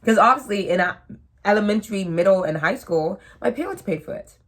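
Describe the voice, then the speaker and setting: A vlogger in her twenties chats to the camera in an animated, fairly quick, medium-pitched voice. She rambles, pokes fun at herself, and drifts off into asides.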